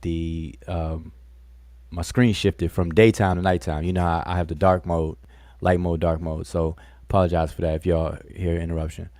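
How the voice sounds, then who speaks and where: Low, dark-voiced man hosting a live stream. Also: little pitch movement, moderate pace, dry recording. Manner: rambling and conversational. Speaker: livestream host. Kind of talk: casual live-stream chat.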